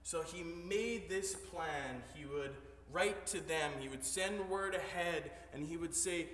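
A male pastor preaching a sermon, moving between hushed storytelling and rising, emphatic preaching. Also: on the high side, slow pace, few pauses. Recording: echoey hall, voice heard from a distance.

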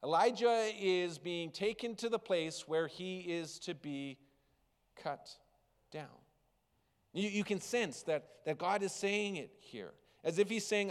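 A man preaching a sermon as pastor, telling a story with big swings between loud and hushed. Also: on the high side, a little slow, clear, resonant tone. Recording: long reverb of a large hall.

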